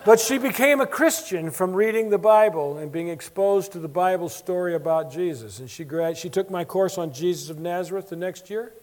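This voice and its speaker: A man preaching a sermon, telling stories with animated quoted voices before an audience. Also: high-pitched, normal speed, few pauses. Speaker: preacher and Bible teacher. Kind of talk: sermon with storytelling.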